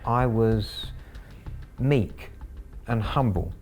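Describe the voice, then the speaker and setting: A man's voice: on the low side, extremely slow, darkish tone, soft background music. A middle-aged man telling the story of baiting a scammer, in a wry, gleeful interview manner. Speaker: scambaiter.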